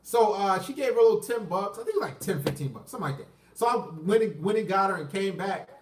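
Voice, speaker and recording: A man's voice: high voice, lively intonation, fast talker, reverberant, far from the mic, a little hiss or hum. A man casually telling a personal story, profane and boastful, rambling with many restarts.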